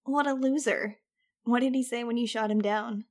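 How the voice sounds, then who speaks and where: A woman voicing a cheeky young boy who loudly mocks his sister with his mouth full. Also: fairly high pitch, fairly even intonation, moderate pace, voice pushed up, natural voice. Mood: mocking. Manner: loud, mocking, mouth full.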